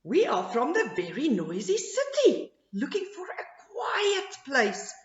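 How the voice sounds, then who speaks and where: A woman voicing a group of small foxes looking for a home, with a high, whiny childlike voice, in a storybook reading. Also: wildly swooping pitch, slow pace, full character voice. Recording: roomy, slightly dull home recording.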